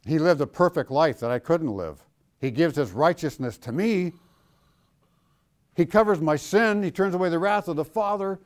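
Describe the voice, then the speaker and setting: A middle-aged male pastor teaching a class on Christian doctrine, animated and jokey, acting out the voices he quotes with big swings in pitch and loudness, speaking to students in a classroom. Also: moderate pace. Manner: jokey, self-mocking storyteller. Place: classroom or church hall with students.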